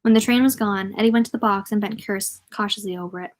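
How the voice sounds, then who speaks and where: A woman's voice: medium pitch, fairly even intonation, quick pace. A woman reading a novel aloud in a casual way, often stumbling, correcting herself and adding joking asides.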